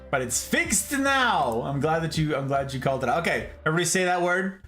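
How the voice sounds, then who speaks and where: A man hosts a late-night stream from home, talking to his chat in a playful, animated way. His pitch swings widely from line to line. Soft music plays faintly behind him. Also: a little fast. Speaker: livestream host.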